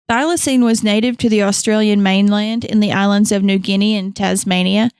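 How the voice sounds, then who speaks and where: A woman's voice: mid-range voice, clear, resonant tone, dry recording, clean studio sound. A woman co-hosting a podcast in casual chat, swearing freely and laughing often. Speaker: podcast co-host.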